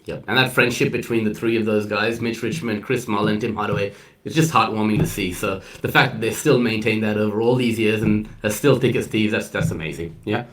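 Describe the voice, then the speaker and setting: A man's voice: on the low side, steady tone, fairly quick, fairly bright tone. Upbeat man co-hosting, a little off-mic. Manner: upbeat, calls people man and bro. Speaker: podcast co-host. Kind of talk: casual sports chat. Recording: distant mic.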